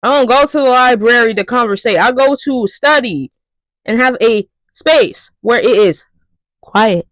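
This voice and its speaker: A vlogger delivering an irritated, profane rant straight to camera. The voice sits at a middling pitch and keeps circling back to the same words for emphasis. The recording is dry and close, with no room sound. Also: a little slow, fairly bright tone, no room sound, low-quality recording. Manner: exasperated, profane, repetitive.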